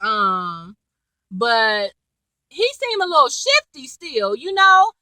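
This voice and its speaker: A woman's voice: fairly high pitch, takes it slowly, no echo, low-quality recording. A woman, chatting casually as she recaps a TV episode, acting out lines as she goes. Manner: chatty, animated retelling with quoted lines and laughs. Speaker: TV recap vlogger.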